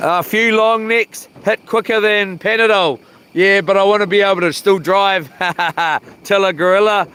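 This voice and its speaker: A man's voice: high-pitched, steady tone, measured pace, bright, forceful tone, slight background noise. A man chatting casually on a live fishing stream, laid-back and slangy. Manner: laid-back, slangy, chuckling at his own jokes. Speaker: fishing vlogger. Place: outdoors by the water.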